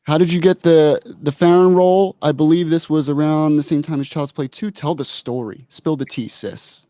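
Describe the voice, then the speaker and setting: A man's voice: fairly high pitch, fairly even intonation, moderate pace, warm tone, dry recording. A man hosting a podcast, reading out viewer comments in a laid-back, slangy way. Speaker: podcast host.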